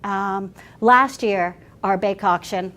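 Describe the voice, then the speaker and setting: A woman pastor telling stories in a workshop talk, animated and chatty with frequent restarts. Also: mid-range voice, slow.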